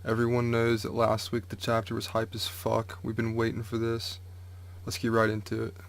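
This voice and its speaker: A man casually reacting live to a manga chapter, reading panels aloud, excited and swearing freely with lots of filler words. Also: on the low side, moderate pace, gravelly.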